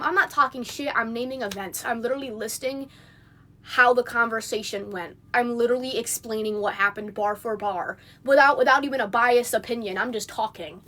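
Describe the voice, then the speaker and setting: A woman's voice: fairly high pitch, brisk, pushed and bright. A young woman on a phone livestream, venting in an indignant, rambling rant full of fillers. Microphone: phone mic.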